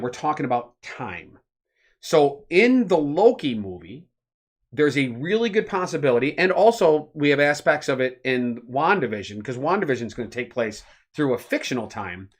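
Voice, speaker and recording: A man co-hosting a casual podcast, explaining at length in an animated, rambling way with many fillers. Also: fairly high pitch. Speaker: podcast co-host.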